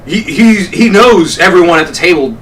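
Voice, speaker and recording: A man with a high, lively voice, telling a story on a podcast and laughing through it. His tone is bright and sharp, and he sounds a little distant from the mic with faint background noise. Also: normal speed. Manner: animated, swearing, laughing through stories. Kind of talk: casual storytelling chat.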